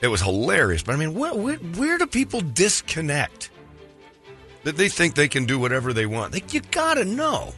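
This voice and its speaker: A man chatting on a talk show in a lively, swooping voice. His tone is bright and forceful as he tells a story, and soft music plays behind him. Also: moderate pace. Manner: animated, acts out other people's lines in pitched voices. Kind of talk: casual storytelling chat.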